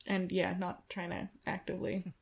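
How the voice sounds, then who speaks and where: Low, gravelly-voiced woman chatting casually. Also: monotone, moderate pace, a crowd in the background. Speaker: podcast co-host. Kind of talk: casual chat.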